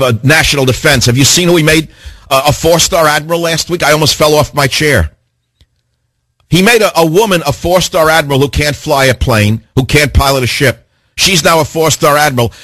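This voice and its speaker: A man's voice: a little high, fairly bright tone, dry recording. A male talk radio host in a heated monologue, ranting and hammering his listeners with rhetorical questions.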